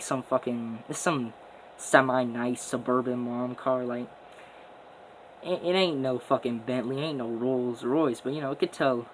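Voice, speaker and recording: A man's voice: medium pitch, slight background noise, rough recording. Swaggering young man telling a story. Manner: profane, boastful, rambling street slang. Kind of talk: casual storytelling.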